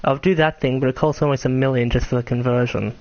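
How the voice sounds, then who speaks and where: A man's voice: mid-range voice, fairly even intonation, fast talker, darkish tone. A young man talks his way through a game stream in a loose, rambling way, tossing in swears and jokes at his own expense. His voice is tired and cracks now and then. The recording is somewhat dull and lo-fi, as from a basic streaming mic. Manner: rambling, self-mocking, swears casually. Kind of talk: casual gameplay commentary.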